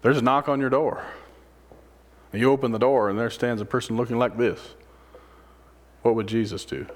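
A man preaching a sermon, swinging from loud, excited exclamations to hushed, almost whispered lines, and asking many rhetorical questions. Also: mid-range voice, moderate pace. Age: adult, a father of sons.

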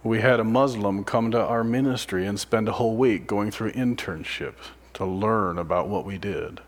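A man preaching a sermon, swinging from loud, excited exclamations to hushed, almost whispered lines, and asking many rhetorical questions. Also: lowish voice, moderate pace. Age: adult, a father of sons.

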